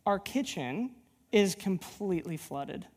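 A man pastoring a church plant, preaching a sermon and telling a personal story in an animated, rambling way with many restarts. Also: high voice, takes it slowly, slightly rough. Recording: long hall reverb.

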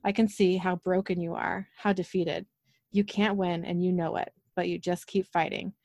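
A woman's voice: lowish voice, little pitch movement, normal speed, vocal fry, a little mellow, no room sound, clean studio sound. A woman reading a sinister old horseman. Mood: menacing.

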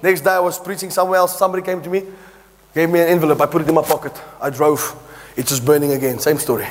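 A man's voice: a little high, level tone, racing, big-room sound. A man preaching a sermon as he tells a story, acting out the dialogue with laughing asides.

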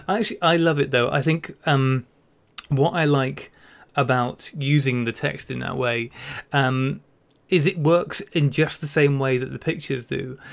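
A man's voice: on the high side, creaky. A man hosting a casual podcast chat, thoughtful and rambling, with many restarts. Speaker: podcast host.

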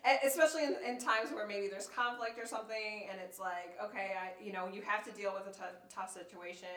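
A woman's voice: mid-range voice, steady tone, brisk, a bit bright. A woman hosting a casual interview chat, speaking candidly and laughing between her points. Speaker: podcast host. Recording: roomy echo.

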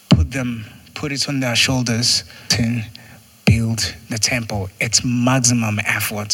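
A man's voice: fairly bright tone, husky. A man preaching a sermon in a conversational way, acting out little quoted exchanges. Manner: conversational, acts out quotes with jumps in pitch.

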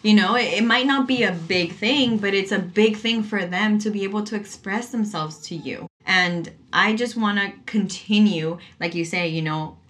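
A young woman speaking as a mother in a relaxed, conversational chat. She tells her stories with animated energy and breaks into laughter often. Her voice sits in an ordinary middle pitch. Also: normal speed, few pauses. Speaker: mother on a parenting talk show.

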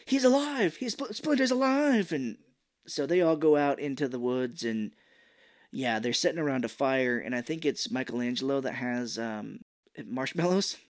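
A man talking casually on a podcast, recapping a movie in a loose, rambling way. He swears offhandedly and has a mid-range pitch. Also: normal speed. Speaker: podcast co-host.

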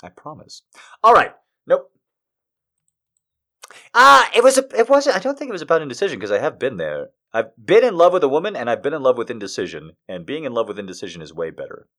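A man's voice: mid-range voice, sing-song, a little fast, sharp tone. A man hosting a podcast, reading poetry and then chatting casually, often rambling off track with swearing asides. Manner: rambling, easily sidetracked. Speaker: podcast host.

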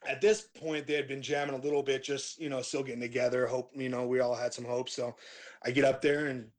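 Brisk yet laid-back, this middle-aged man fronts a metal band and reminisces as a guest in a casual podcast interview. He rambles, leans on fillers, restarts often, and speaks at an ordinary middle pitch.

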